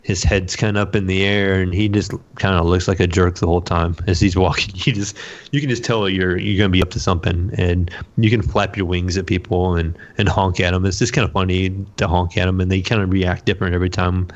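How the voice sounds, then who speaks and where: A man's voice: low-pitched, little pitch movement, a little fast, dull audio. A man co-hosting a podcast in casual chat, rambling and repeating his words with lots of fillers. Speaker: podcast co-host. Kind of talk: casual chat about video games.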